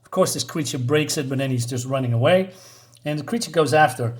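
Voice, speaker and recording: A man's voice: mid-range voice, a little fast. A man reviewing a comic book in a chatty, casual way, with many fillers and asides.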